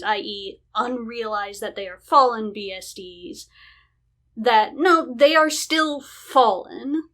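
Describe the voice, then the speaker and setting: A woman co-hosting a podcast, giving deliberate, opinionated views on running tabletop games. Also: on the high side, pushed and bright. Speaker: podcast co-host. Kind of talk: casual chat about running tabletop games.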